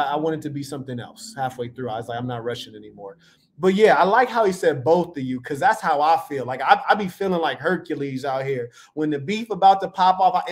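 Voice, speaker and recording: A man hosting a live reaction stream, talking in a laid-back, playful, slang-heavy way. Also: a little high. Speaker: livestream host. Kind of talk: casual live reaction commentary.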